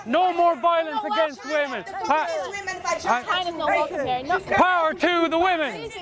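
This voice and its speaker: Mocking man in a loud crowd. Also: very high-pitched, takes it slowly. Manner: mocking, defensive, keeps telling others to relax. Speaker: passerby confronted at a street protest. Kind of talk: heated street argument. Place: outdoors on a busy street. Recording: loud crowd noise outdoors.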